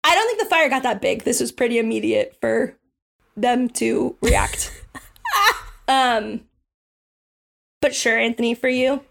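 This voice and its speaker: High-voiced woman running a tabletop game. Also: measured pace, creaky, pauses often, slight background noise. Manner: laughs often, loose and rambling. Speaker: game master.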